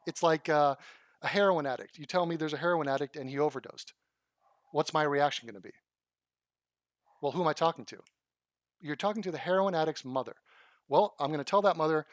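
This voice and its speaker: A man's voice: on the high side, a little fast, pauses often, dry recording, clean studio sound. Sarcastic, blunt commentator man. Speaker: commentator reacting to video clips. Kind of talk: combative commentary.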